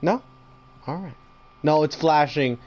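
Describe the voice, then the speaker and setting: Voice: medium pitch, measured pace, a little mellow. A gamer giving commentary on a horror game, jumpy and slangy, talking to the monsters and breaking into panicked repeated screams.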